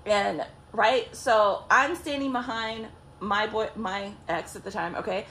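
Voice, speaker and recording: A woman's voice: mid-range voice, a little slow, few pauses, slight background noise. A young woman vlogger telling a story casually, swearing a lot and acting out what people said. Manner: profane, animated, acts out quotes.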